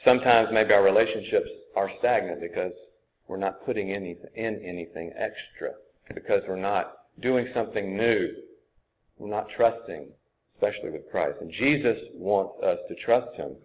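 Earnest low-voiced preacher, tinny sound. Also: male voice, normal speed. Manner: conversational, earnest, thinks aloud. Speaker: pastor. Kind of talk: sermon.

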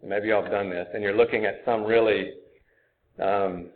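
A man's voice: lowish voice, fairly even intonation, moderate pace. A man preaching a sermon, earnest and conversational, often thinking aloud as he goes. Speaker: pastor. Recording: tinny phone-like sound.

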